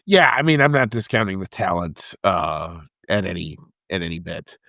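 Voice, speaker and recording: A man's voice: low voice, expressive, moderate pace, gravelly, bright, forceful tone, no echo, studio quality. A man co-hosting a podcast in casual chat, talking conversationally with fillers. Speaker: podcast co-host.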